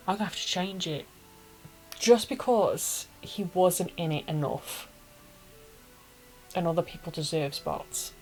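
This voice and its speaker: A woman's voice: lowish voice, a little slow, pauses often, soft background music, low-quality recording. A woman casually retelling an anime story as a reviewer, emotional and gushing, with dramatic little asides.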